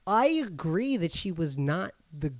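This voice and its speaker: A man's voice: high-pitched, big pitch swings, unhurried, no room sound. A man on a casual podcast, playfully hedging and downplaying his friend's story. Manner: laid-back, hedging, playful. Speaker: podcast co-host.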